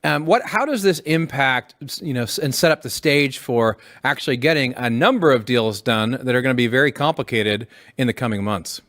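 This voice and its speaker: A man's voice: medium pitch, expressive, normal speed, few pauses, a bit bright. A man hosting a talk show, asking long, rambling questions full of fillers. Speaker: host.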